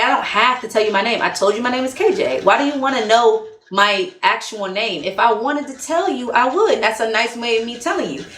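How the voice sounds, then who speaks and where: A woman's voice: a little high, a bit bright. Blunt, chatty woman in an echoey room. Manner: blunt, chatty, laughs often, repeats herself for emphasis. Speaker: vlogger giving relationship advice. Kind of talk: candid casual monologue. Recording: roomy echo.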